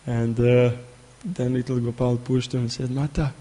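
A man giving a spiritual talk who tells a story in a halting way, repeating words and filling gaps with "uh". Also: medium pitch, completely flat delivery, warm tone. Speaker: spiritual teacher. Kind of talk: sermon with storytelling.

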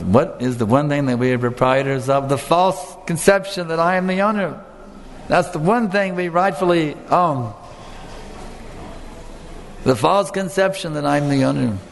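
A man's gravelly, mid-range voice carries an earnest devotional lecture in which he, a spiritual teacher, emphasizes points and quizzes those listening. The recording has long hall reverb, faint room ambience, and a little hiss or hum.

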